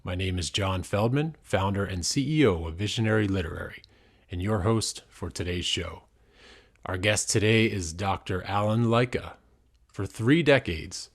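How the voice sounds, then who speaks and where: A man hosting a podcast, reading a polished scripted intro and then asking interview questions. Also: low voice. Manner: polished, reads a prepared intro. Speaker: podcast host.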